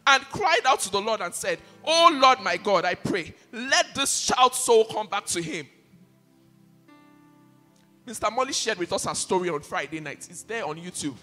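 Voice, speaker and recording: Impassioned male pastor, sermon delivery, very lively pitch, long hall reverb. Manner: impassioned, repeats key phrases for emphasis. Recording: reverberant hall with faint music behind.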